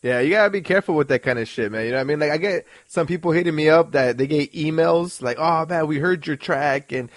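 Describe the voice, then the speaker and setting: A man's voice: on the high side, fast, few pauses, no echo. A man hosting an online radio show, chatting casually with a guest in a laid-back, slang-heavy way. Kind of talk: casual interview chat.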